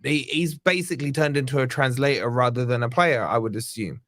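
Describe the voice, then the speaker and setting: Chatty British football fan show host. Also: male voice, medium pitch, fairly quick, a bit bright, no echo, studio quality. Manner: upbeat, chatty, wraps up with sign-offs. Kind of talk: live fan show panel chat.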